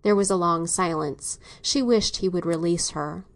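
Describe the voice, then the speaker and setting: A woman narrating a classic novel in a steady, even storytelling manner. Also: fairly low pitch, normal speed. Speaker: audiobook narrator. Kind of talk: scripted narration.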